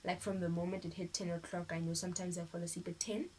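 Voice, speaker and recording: A young South African woman vlogging, telling a personal story in a lively, animated way and acting out the people she quotes. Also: on the low side, fast talker, a little hiss or hum, low-quality recording. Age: teens. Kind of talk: casual storytelling vlog. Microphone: phone camera.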